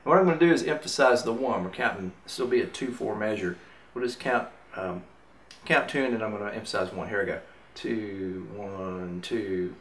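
In a fast, expressive mid-range voice, a man teaches mandolin rhythm, talking in a relaxed way as he plays and counts the beats. The off-mic recording has a roomy sound, with mandolin music in the background.

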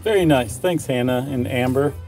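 A man's voice: mid-range voice, normal speed, a little mellow, soft background music. A man co-hosting a casual podcast, chatting enthusiastically and rambling with restarts. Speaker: podcast co-host. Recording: dry close studio mic.

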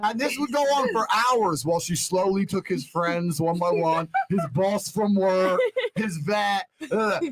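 A man's voice: sits high, measured pace, background noise. A man telling a crude story as a podcast guest, acting out the people in it. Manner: crude, lively, acts out the people in his stories. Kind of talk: animated storytelling.

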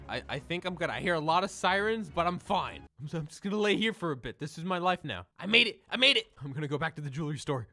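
A man giving excitable, jokey commentary on his gameplay, often shouting and laughing. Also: fairly high pitch, quick pace, hardly any pauses. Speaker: gaming YouTuber.

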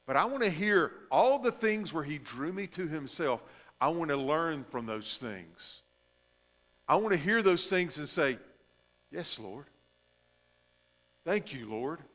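A male pastor preaching a sermon, shifting between emphatic stretches and hushed, drawn-out phrases. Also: a little high, in a large hall.

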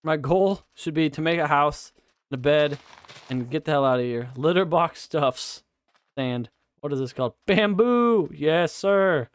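Smooth-voiced man streaming a game. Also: on the high side, moderate pace, no echo. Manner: chatty and profane, talks to himself and the game. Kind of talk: casual live gaming commentary.

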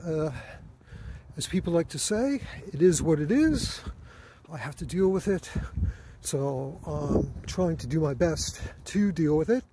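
A man with a high voice talks slowly through a casual personal account, halting often on fillers and restarts. His tone is weary and aggrieved. Clear background noise and ambient sounds sit behind him. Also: expressive. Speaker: vlogger.

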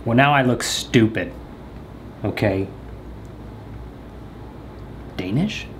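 A man's voice: medium pitch, very slow, a little hiss or hum. A man vlogging alone in a room at home, rambling and joking at his own expense as he talks straight to the camera. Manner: rambling, jokey, self-mocking. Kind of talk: casual monologue to camera. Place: room in a house.

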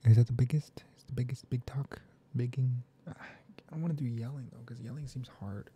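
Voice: mid-range voice, steady tone, fairly quick, warm tone, a little hiss or hum. A gaming video creator thinks aloud while playing, rambling and often sliding into half-whispered muttering. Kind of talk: soft-spoken gaming commentary.

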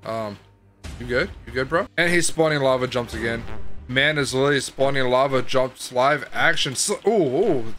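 Excitable young man gaming. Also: mid-range voice, normal speed. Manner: excitable, chatty, full of slang. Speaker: gaming video host. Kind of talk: gameplay commentary. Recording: game music behind.

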